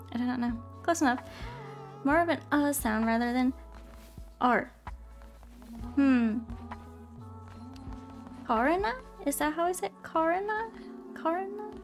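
Her voice sits high, and she's unhurried with frequent pauses as she chats during a game live stream. Bubbly and casual, she apologizes and greets viewers by name while game music plays.

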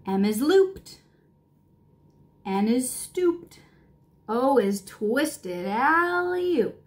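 A woman reads a rhyming children's book aloud at an unhurried pace. Her voice sits a little high and stays playful, sometimes dipping to a whisper and sometimes rising with excitement. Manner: playful, expressive, drops to whispers and rises in excitement. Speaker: children's storybook reader. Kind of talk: reading a picture book aloud to kids.

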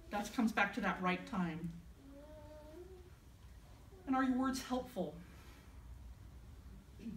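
A woman's voice: a little high, slight background noise. A woman minister gives a conversational, storytelling sermon. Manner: conversational, storytelling, self-deprecating. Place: church sanctuary. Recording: echoey church from a distance.

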